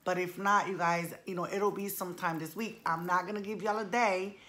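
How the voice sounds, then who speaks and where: Chatty mid-pitched woman in her forties. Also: steady tone, fairly quick, sharp tone. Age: 40s. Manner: chatty, talks straight to viewers as y'all; colloquial, playful slang. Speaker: vlogger. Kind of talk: casual chat.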